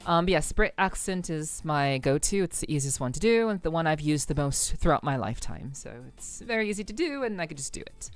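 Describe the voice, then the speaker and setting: A woman's voice: low voice, expressive, fairly quick, few pauses, clear, resonant tone, dry recording, faint music behind. A woman streamer chatting casually with her viewers, friendly and rambling, with stuttered restarts and lots of fillers. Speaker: live streamer.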